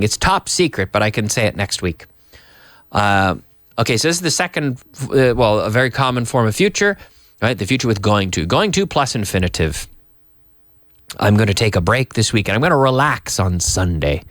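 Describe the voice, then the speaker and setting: Lively male English teacher, dry studio sound. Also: mid-range voice, no echo. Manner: lively, animated, reads viewer comments aloud. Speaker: English teacher and radio host. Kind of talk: live-streamed English lesson.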